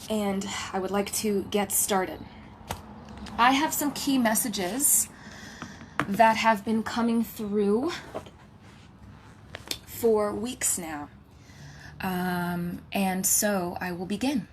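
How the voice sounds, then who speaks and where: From her home, a woman speaking as a spiritual healer delivers a channeled message at a middle pitch, her tone steady, her words drawn out, and her pauses long. She works through a reverent run of thanks, sometimes dropping to a hushed whisper and lightening it with playful asides, as faint ambient noise sits beneath.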